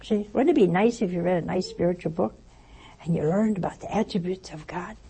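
A woman giving a spiritual teaching talk, telling stories in an animated way with quoted dialogue. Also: on the low side, fairly quick, husky. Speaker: religious speaker.

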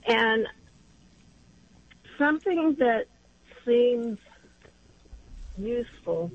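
A woman in her seventies calling in to a radio show, speaking slowly and reflectively. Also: on the high side, lively intonation, breathy edge. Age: 70s. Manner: slow and reflective. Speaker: caller. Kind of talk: phone call-in. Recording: dull phone line with faint noise.

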